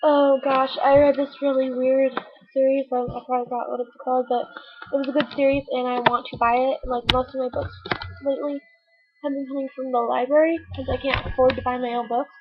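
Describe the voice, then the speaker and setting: A woman's voice: high-pitched, little pitch movement, brisk. A teenage girl chatting casually about books to her webcam, giggly and full of filler words. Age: teens. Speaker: book vlogger. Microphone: webcam microphone. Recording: dull webcam audio with faint hiss.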